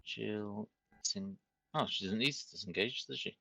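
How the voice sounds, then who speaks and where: Male player, teasing, low but bright and forceful. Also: normal speed, creaky, husky, faint music behind. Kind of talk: casual game chat.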